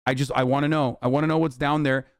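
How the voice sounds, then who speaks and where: Man, streamer, angry profane rant, sarcastic, smooth resonant voice, dry close mic. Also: medium pitch, little pitch movement, fast, no echo. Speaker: streamer reacting to news. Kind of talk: angry political rant to chat.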